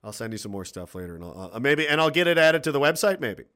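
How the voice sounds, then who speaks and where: A man's voice: mid-range voice, fast. A man hosting a casual livestream, reading viewer messages aloud, cursing freely and laughing often. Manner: profane, animated, laughs often, reads chat aloud.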